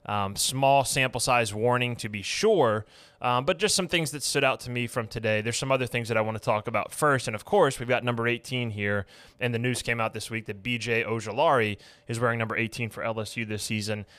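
A man's voice: medium pitch, a little fast, a bit bright. A man hosts a casual sports podcast in a stadium studio, trading jokes and poking fun at himself. He's sweaty after a day at practice. His voice sounds close and dry, with no room echo. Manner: joking, self-deprecating banter. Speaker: podcast host.

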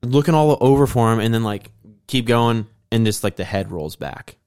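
A man in his thirties from Indiana, a podcast guest in casual chat, telling stories in an animated way, acting out the voices he quotes and swearing freely. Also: medium pitch, normal speed, clean tone.

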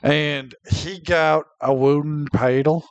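A man hosting a comedy podcast, answering in a deadpan way with naive questions. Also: fairly high pitch, slow, clean tone, dry recording. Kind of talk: casual podcast banter.

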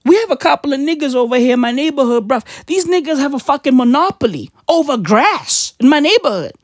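A woman's voice: sits high, sing-song, fairly quick, no room sound, studio quality. A woman with a South African accent, ranting casually on a vlog with heavy swearing and slang. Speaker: vlogger. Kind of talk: profane casual rant.

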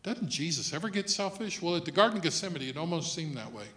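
Male pastor, casual teaching sermon, dynamic swings from soft to forceful. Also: on the high side, lively intonation, fast. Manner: conversational preaching, swings from quiet to loud emphatic.

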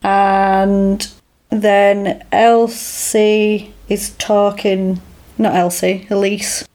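A woman's voice: mid-range voice, extremely slow. Woman animatedly retelling a story. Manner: animated retelling, acting out lines with laughs. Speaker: podcast co-host recapping a film. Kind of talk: casual chat.

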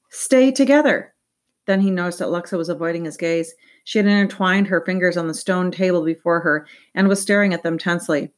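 A woman reading an audiobook aloud in a steady, even voice. Her pitch sits on the low side, and she makes the odd small slip as she goes. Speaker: audiobook narrator. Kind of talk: audiobook narration.

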